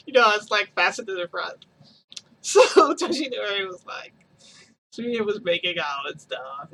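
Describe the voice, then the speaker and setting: A woman's voice: on the low side, sharp tone, slight background noise. A woman vlogger telling a story to her viewers in a chatty, gushing way, often giggling and calling them "guys".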